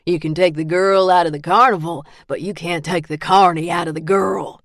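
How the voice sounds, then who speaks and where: A woman narrator voicing a gruff middle-aged male carnival boss with a gravelly, coarse way of talking. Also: sits low, steady tone, unhurried, no echo, clean studio sound. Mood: mocking. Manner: coarse, bitter, swears freely.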